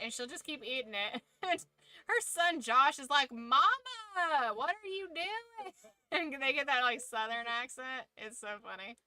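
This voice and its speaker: A woman streamer with a high, sharp voice chats casually with her viewers while hosting a watch-along. She's rambling and chatty, swears freely and trails off mid-thought. The recording is rough.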